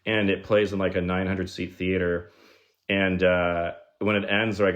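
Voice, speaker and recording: Low-voiced man telling animated stories. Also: normal speed. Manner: animated, says "like" a lot, acts out quoted people. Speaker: guest screenwriter. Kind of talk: casual podcast storytelling.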